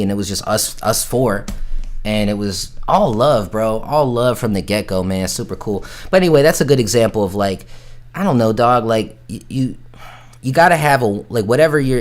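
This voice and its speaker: Slangy, low-voiced man from Florida. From Hollywood, Florida. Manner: slangy, swears freely, animated when quoting others. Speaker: musician and actor. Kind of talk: casual storytelling on a livestream.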